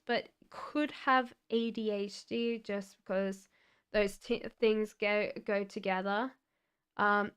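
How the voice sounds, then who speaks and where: Aussie woman doing tarot on a stream, chatty, very clear smooth voice, pitched a bit high. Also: a bit bright. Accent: Australian, softened by years in Britain. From Australia. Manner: chatty and upbeat, laughs often, talks straight to viewers by name. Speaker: tarot reader. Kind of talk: live-stream tarot reading and chat.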